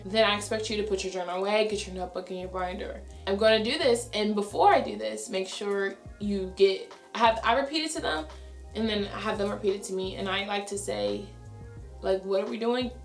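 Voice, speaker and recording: A young adult woman, a schoolteacher, talking fast and chatty in a casual vlog, her voice raspy and tired. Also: medium pitch, echoey room, faint music behind. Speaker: elementary school teacher. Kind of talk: casual vlog talk to camera.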